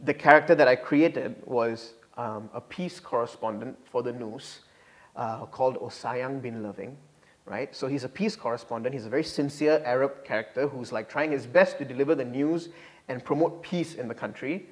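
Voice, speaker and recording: A man's voice: mid-range voice, normal speed. A young man from Singapore, earnestly explaining himself as an interview guest with many restarts. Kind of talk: interview answers.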